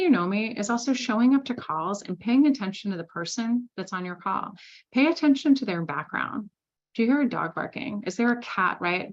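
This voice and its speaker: A woman giving a recorded sales masterclass, talking in a lively, chatty way and often slipping into quoted asides. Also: medium pitch, lo-fi sound. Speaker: sales trainer.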